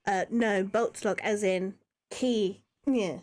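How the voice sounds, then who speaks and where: A woman's voice: mid-range voice, steady tone, takes it slowly, darkish tone. A woman running a tabletop game as dungeon master over a video call, patiently explaining rules and scenes.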